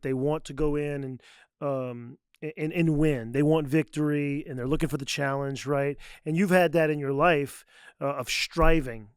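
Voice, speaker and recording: A man's voice: fairly high pitch, clear, resonant tone, no room sound, studio quality. A man hosting a podcast interview, reflecting thoughtfully before posing his question. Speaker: podcast host.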